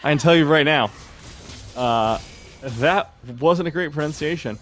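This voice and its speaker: A man's voice: on the high side, a little slow, faint music behind. Chatty, enthusiastic male co-caster. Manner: chatty, enthusiastic, laughs easily. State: a little hoarse. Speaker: esports co-caster. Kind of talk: live color commentary.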